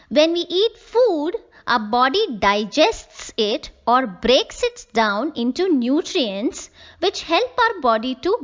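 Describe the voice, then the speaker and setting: Slow, lively woman teacher. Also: high voice, dull audio. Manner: slow, clear explaining, spells words letter by letter. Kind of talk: classroom lesson reading from a textbook.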